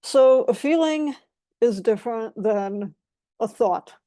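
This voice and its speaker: A woman's voice: a little high, slow, mellow, no room sound. A woman giving an explanatory talk as a guest speaker, defining terms one by one in a methodical way.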